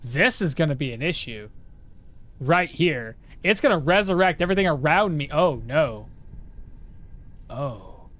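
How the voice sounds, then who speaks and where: A man's voice: a little high, animated, a little slow, long pauses, a bit bright. A man streaming a game live, chatting casually with his viewers and laughing often as he plays. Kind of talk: live gameplay commentary to chat.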